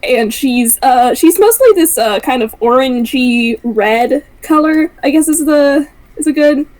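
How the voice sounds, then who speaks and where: A woman describing her character in a tabletop game, halting with many fillers. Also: sits high, darkish tone, low-quality recording. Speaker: player. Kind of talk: casual tabletop play.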